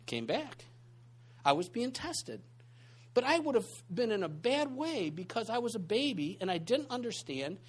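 A man with a notably high voice preaches to a church group in a relaxed, chatty way. He tells his stories with lots of asides and restarts, keeping the feel of an informal teaching session. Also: breathy edge. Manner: conversational, animated storytelling with many asides. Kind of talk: informal sermon with storytelling. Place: church meeting room.

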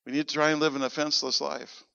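A man's voice: a little high, quick pace, creaky, smooth, no echo. A man preaching in church, telling a personal story and acting out the dialogue with animation. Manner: animated, acts out quoted dialogue. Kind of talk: sermon storytelling. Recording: dull lo-fi sound.

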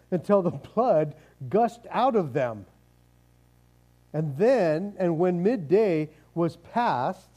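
A man's voice: high-pitched, warm tone, rough recording. A man preaching a sermon, reading scripture and then explaining it in a casual, joking, conversational way with many asides. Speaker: pastor.

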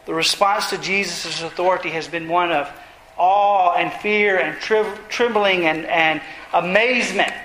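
A man's voice: sits high, pushed and bright, a little hiss or hum. A man preaching an expository sermon, retelling scripture passages earnestly and pressing his points with emphasis. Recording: roomy echo.

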